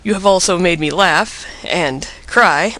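A man's voice: sits high, measured pace, pushed and bright, poor audio. A man voicing a sly, boastful male jackal in a storybook, drawling and grudging.

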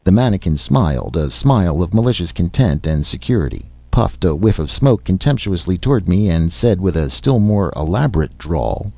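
A man narrating a story aloud in an expressive, dramatic reading style. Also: deep voice, moderate pace, hardly any pauses, no room sound. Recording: slightly muffled lo-fi recording.

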